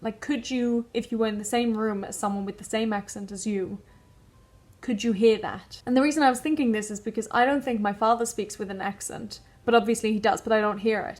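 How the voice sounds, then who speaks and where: A young woman talks casually to her camera in a mostly British accent that has a slight Dutch and Australian edge. Her voice sits at a middle pitch, and she muses and wonders aloud as she goes. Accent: British English with Dutch and Australian traces. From Netherlands. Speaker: vlogger.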